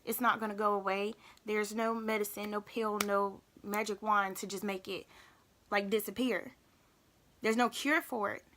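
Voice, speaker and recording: A young woman talking openly in a personal vlog, halting and emotional, often repeating herself. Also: medium pitch, steady tone, fairly bright tone, a little hiss or hum. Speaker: vlogger.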